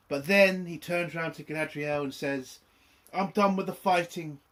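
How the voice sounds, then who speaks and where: A man reviewing a TV episode in a loose, casual way, sounding fed up and sarcastic and swearing freely. His voice sits fairly high for a man, and he takes his time, drawing out his complaints at a slow, unhurried pace. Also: fairly bright tone. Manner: exasperated, sarcastic, swears often.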